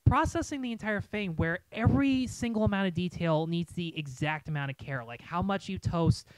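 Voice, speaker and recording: A man's voice: high voice, normal speed, recorded from a distance. Enthusiastic male co-host, off mic. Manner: enthusiastic, swears for emphasis. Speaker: podcast co-host. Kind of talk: casual chat.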